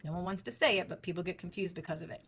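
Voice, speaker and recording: A woman's voice: on the low side, fairly even intonation, racing, creaky, a bit bright, husky. A middle-aged woman researcher, a guest in an interview, explaining her field in an emphatic, teacherly way. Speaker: speech language researcher, guest.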